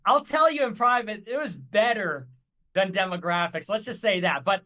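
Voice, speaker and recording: Bright, high-voiced man telling stories. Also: moderate pace. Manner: animated storyteller, acts out conversations. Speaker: guest on a livestream. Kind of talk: casual livestream chat.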